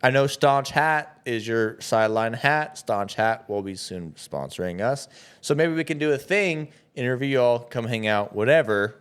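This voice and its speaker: A man's voice: mid-range voice, normal speed, clean tone. A young man co-hosting a sports podcast in casual chat, swearing freely and laughing often. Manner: profane, excitable, laughs often. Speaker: podcast co-host.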